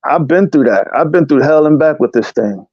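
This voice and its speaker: A man's voice: fairly high pitch, animated, a little fast, husky, no echo, highs cut off. Determined slangy man, dry sound. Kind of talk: casual chat.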